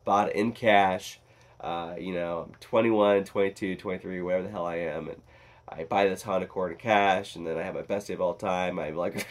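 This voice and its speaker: A man vlogging in a casual, rambling monologue that is animated and full of swearing. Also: sits low, brisk.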